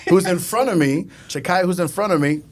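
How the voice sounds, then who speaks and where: Guy telling stories on a podcast, kinda high voice, keeps cracking up. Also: a little fast. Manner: animated, laughing often while telling stories. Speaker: podcast guest. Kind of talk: casual storytelling.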